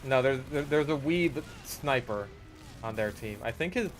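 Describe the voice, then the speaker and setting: A man casually commentating his own gameplay, swearing freely and breaking into loud exasperated yelling. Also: mid-range voice, lively intonation, measured pace, faint music behind. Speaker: gaming video creator.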